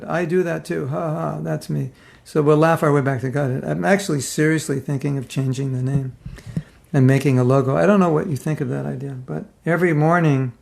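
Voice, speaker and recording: Here a middle-aged man with a slightly high voice and vocal fry teaches a lighthearted spiritual class. He banters with his listeners, imitates how they react, and keeps things conversational and full of jokes.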